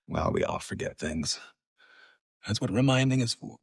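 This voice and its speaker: An actor playing a controlling husband who speaks in a smug, condescending way. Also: male voice, mid-range voice, lively intonation, unhurried, vocal fry, husky, dry recording, studio quality, full character voice.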